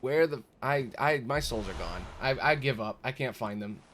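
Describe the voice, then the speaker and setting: A young man giving casual live commentary on a game he is streaming, talking back at it in an exasperated way with sudden high-pitched outbursts. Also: lively intonation, moderate pace, a bit bright, a little hiss or hum. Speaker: gaming streamer.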